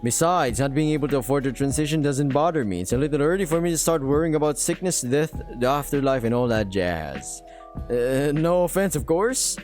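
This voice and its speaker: A man's voice: on the high side, lively intonation, fairly quick, a little mellow, soft background music, lightly acted. A man voicing a friendly, upbeat young male dragon in a visual novel, talking in a chatty, reassuring way.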